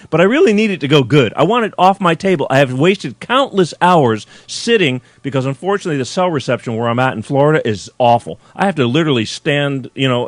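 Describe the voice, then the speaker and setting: A man's voice: medium pitch, dry recording. Exasperated rambling male talk host. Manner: exasperated, rambling, profane complaining. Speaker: call-in show host. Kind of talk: live-streamed rant to viewers. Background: faint chill music.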